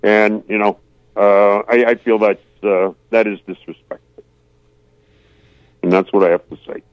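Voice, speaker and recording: Low-voiced man calling into radio. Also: flat delivery, no room sound, dull audio. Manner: deliberate, opinionated, filler-heavy. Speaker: radio caller. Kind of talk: opinionated phone-in commentary.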